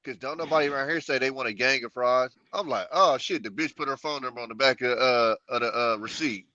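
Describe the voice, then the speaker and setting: A man in his forties tells loose, profane anecdotes and acts out the people in them. His voice is bright and sharp. The recording is lo-fi and very dry, with no room sound. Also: medium pitch, fast, no room sound. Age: 40s. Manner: profane, animated anecdote-teller who acts out the people he quotes. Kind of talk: casual storytelling chat.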